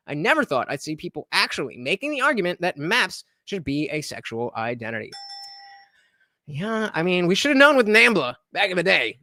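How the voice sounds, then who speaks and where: A live-stream host riffs on clips with a sarcastic edge, stopping to thank viewers one by one. The voice is bright and lively, swooping up and down. The sound is dry and close. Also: medium pitch, no echo. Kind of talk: casual live-stream commentary.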